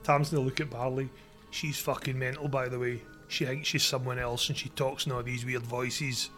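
A man plays his character in a casual, crude, blokey manner, swearing freely. His voice sits at a middle pitch. A faint music bed runs behind him. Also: little pitch movement, normal speed, fairly bright tone. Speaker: player. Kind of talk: playing a tabletop game.

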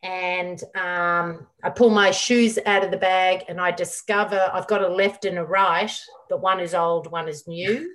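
A middle-aged woman, a guest on an interview show, telling a lively story full of quoted dialogue. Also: on the low side, unhurried, few pauses. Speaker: guest, former squash champion.

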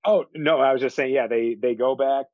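An excited man recaps favorite movie moments in loose podcast chat, laughing often and acting out lines. His voice is mid-pitched, and it comes through a dull, slightly lo-fi, dry recording. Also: moderate pace, no echo. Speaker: podcast co-host discussing a film. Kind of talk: casual film discussion.

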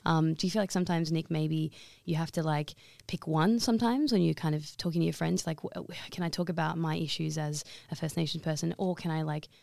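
A woman with a low, gravelly voice hosts the interview and asks questions at a quick pace. The sound is dry and close. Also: steady tone, dark tone, no echo. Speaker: podcast host.

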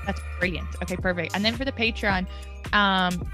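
A woman's voice: mid-range voice, fairly even intonation, normal speed, music in the background. A young woman hosting a podcast, chatting casually, swearing freely and laughing often. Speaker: podcast host. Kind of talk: casual chat.

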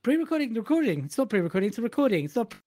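Energetic teasing male podcast host. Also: extremely high pitch, very fast. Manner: energetic, teasing, sing-song asides. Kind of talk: casual banter.

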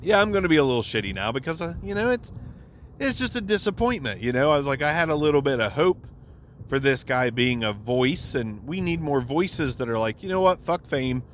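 Swearing constantly, a male podcast host vents in a casual, fed-up monologue. His mid-range voice is expressive and a little fast, with some hiss or hum in the background.

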